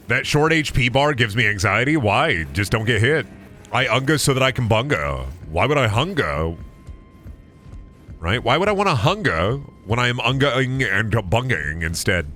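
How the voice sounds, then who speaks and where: A man's voice: mid-range voice, bright, forceful tone, a little hiss or hum. A man from Iowa streaming a video game, chatting casually in a goofy, jokey way and reading out chat messages. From Iowa, USA.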